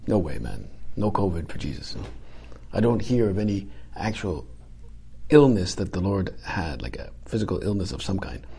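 A man preaching an informal homily in a conversational, halting way, with restarts and frequent dips into a whisper. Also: low-pitched, big pitch swings, creaky, dark tone, slight background noise.

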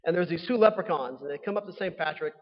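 A young man, a newly ordained priest giving a relaxed, conversational homily with fillers and playful asides. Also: fairly high pitch, quick pace. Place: church. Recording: dull sound with long reverb in a church.

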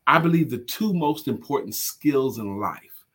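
Male host and sales coach, husky voice, lively pitch, emphatic and repetitive. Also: a little slow. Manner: animated and emphatic, repeats key phrases. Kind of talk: casual livestream chat.

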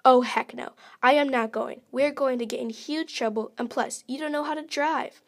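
A woman voicing a young sister who is reluctant and easily scared, her fairly high voice carrying a nervous edge. She keeps a plain, storybook reading tone. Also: steady tone, normal speed, gravelly. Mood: refusing. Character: girl, the narrator's anxious sister.

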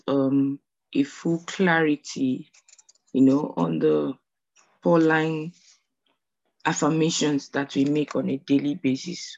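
A woman pastor on a video call thoughtfully reflecting on a sermon, measured and using fillers. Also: sits low, gravelly, dark tone. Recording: dull lo-fi video call audio.

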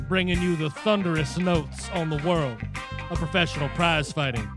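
A man hosting a boxing podcast, ranting in an animated, profane way during casual chat. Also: on the high side, moderate pace, over music. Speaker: podcast host.

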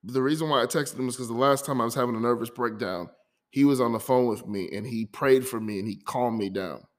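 A man's voice: mid-range voice, a little fast. Guy on his podcast venting about his week, stammers and repeats himself, raw and emotional. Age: adult, divorced. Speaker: podcast host. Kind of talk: personal monologue.

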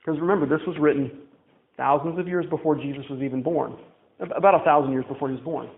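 A man's voice: fairly high pitch, fast talker, vocal fry, echoey room, narrow, tinny audio. A man preaching a sermon as pastor, talking emphatically and acting out the voices he quotes. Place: church.

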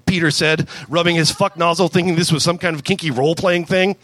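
A man doing a deadpan comic reading of a crude story at a live show. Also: fairly high pitch, quick pace, dry recording. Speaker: comedian reading fan fiction. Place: live comedy venue.

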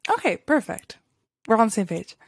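A woman's voice: fairly high pitch, sing-song, moderate pace, husky, no room sound, studio quality. A woman hosting a podcast, telling a spiritual story in a casual, rambling way, full of fillers and little laughs. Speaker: podcast host.

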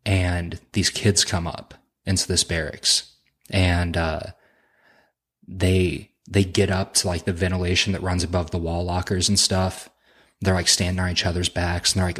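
A man's voice: deep voice, fairly bright tone, husky. A man on a podcast as a guest, casually telling a laugh-filled, profane story from his army days. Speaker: podcast guest, helicopter crew chief.

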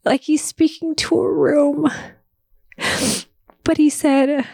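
A woman's voice: sits high, little pitch movement, takes it slowly, vocal fry, dark tone, dry recording, clean studio sound. A woman hosting her own podcast, speaking in an earnest, emotional and confessional monologue. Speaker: podcast host.

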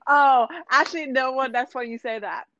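A woman co-hosting a casual chat, joining in with quick, chatty asides. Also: sits high, sharp tone, no room sound. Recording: dull lo-fi audio.

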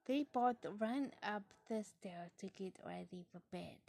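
Slow, hushed woman reading a storybook. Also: mid-range voice, creaky. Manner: soft, slow, often dropping into a hush. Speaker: storybook reader. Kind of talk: reading a children's picture book aloud, softly.

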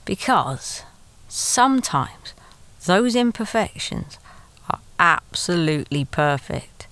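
A woman recounting her own story in a chatty, confiding way, poking fun at herself as she goes. Her voice is smooth and clear. It is recorded close and dry, with no room sound. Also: fairly low pitch, big pitch swings, takes it slowly, a bit bright, dry recording. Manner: confiding, self-deprecating, chatty asides. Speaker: podcast storyteller. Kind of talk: first-person storytelling.

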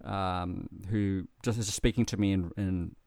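New Zealand man, sweary animated storyteller. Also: deep voice, unhurried, dry recording. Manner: swears freely, animated and emotional retelling. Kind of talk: casual podcast storytelling.

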